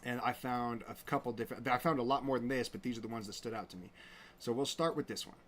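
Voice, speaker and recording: A man hosting a casual commentary show, sounding indignant and rambling through restarts and fillers. His voice sits at an ordinary middle pitch. A faint hiss of noise runs underneath. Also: quick pace. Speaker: host. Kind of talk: casual commentary reading out messages.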